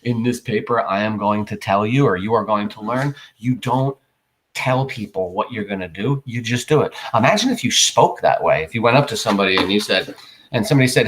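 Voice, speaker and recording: A male teacher walks students through an essay lesson. His pitch rises and falls a great deal, and he often slips into quick acted examples to make a point. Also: a little hiss or hum. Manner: animated, playfully acts out examples. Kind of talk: classroom writing lesson.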